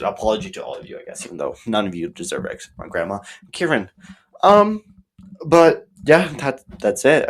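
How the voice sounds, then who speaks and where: Low-voiced young man rambling. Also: low-quality recording. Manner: rambling, hesitant, full of ums. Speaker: vlogger. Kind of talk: comedic vlog sketch.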